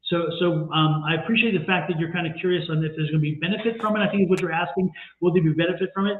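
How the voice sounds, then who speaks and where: A man's voice: fairly high pitch, fairly even intonation, racing, slight background noise. A man co-hosting a tarot livestream, giving a reading in a chatty, repetitive way and laughing easily. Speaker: tarot reader and co-host. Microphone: livestream call audio. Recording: echoey, tinny phone-like stream audio.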